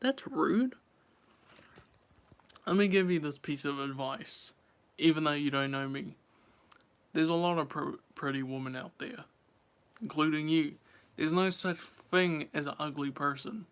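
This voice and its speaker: A man's voice: fairly high pitch, steady tone, moderate pace, fairly bright tone, clean tone. A man chatting casually on a live stream, rambling and talking straight to his viewers.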